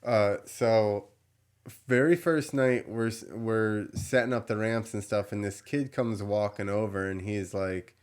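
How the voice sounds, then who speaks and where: A man hosting a podcast, telling a story in a casual, animated way, with swearing and laughter. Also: lowish voice, a little slow, clean tone. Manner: animated, profane, laughs while telling stories. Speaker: podcast host.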